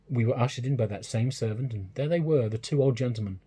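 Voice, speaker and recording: A man reading a classic short story aloud in a measured, even narration. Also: medium pitch, husky. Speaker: reader.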